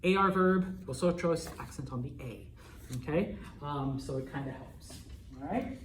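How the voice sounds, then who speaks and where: A man's voice: a little high, moderate pace, a little hiss or hum. A man teaching a Spanish class in a chatty way, laughing often and checking in with "okay?". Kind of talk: classroom lecture. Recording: roomy classroom from far off.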